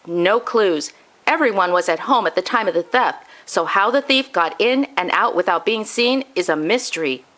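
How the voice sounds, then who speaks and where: A woman's voice: mid-range voice, fairly bright tone, natural voice. A woman reading a picture book aloud, voicing a grave, matter-of-fact police officer.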